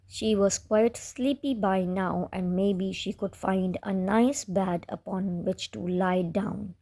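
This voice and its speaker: A woman reading a children's fairy tale aloud in a gentle storybook manner. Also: medium pitch, vocal fry.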